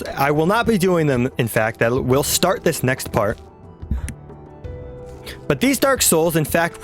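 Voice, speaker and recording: A man casually commenting on a video game he plays, rambling and trailing off. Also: on the high side. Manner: rambling, chuckling, trails off mid-sentence. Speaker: let's play host.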